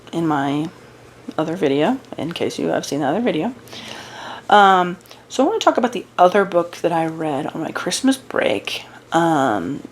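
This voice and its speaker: Chatty young woman, voice going hoarse. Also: lowish voice, slight background noise. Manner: chatty, rambling with fillers and restarts. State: losing her voice. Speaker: book vlogger. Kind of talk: casual book chat while crocheting.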